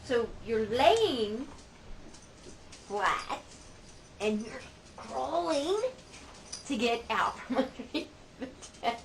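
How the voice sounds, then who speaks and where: A woman's voice: on the high side, animated, extremely slow, creaky, pauses often, rough recording. A middle-aged woman, a mother, casually telling family stories in a chatty, playful, self-mocking way. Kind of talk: casual storytelling monologue. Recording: amateur recording with audible background noise.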